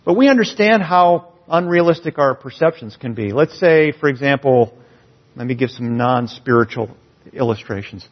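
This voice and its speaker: A pastor preaching a sermon in a church, earnest and building emphasis on key phrases. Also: male voice, medium pitch, animated, normal speed. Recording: dull, slightly lo-fi sound.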